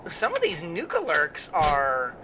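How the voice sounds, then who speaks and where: A let's play host giving rambling gameplay commentary, full of fillers and excited exclamations. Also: medium pitch, slow pace, a little hiss or hum.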